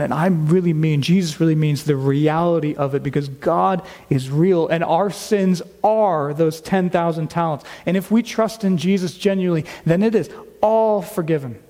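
A man preaches to his congregation in an earnest, emphatic way, leaning on key words and slowing down to stress them. His voice sits somewhat high for a man. It rings out with the long reverb of a large church sanctuary. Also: darkish tone. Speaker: pastor. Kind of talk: sermon.

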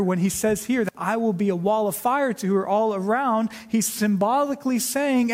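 Male Bible teacher with a high voice, explanatory, poses and answers his own questions. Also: a little mellow. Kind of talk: scripted Bible study teaching.

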